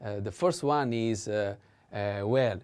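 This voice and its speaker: A man teaching a language lesson, explaining slowly with frequent fillers and pauses. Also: lowish voice, darkish tone, smooth.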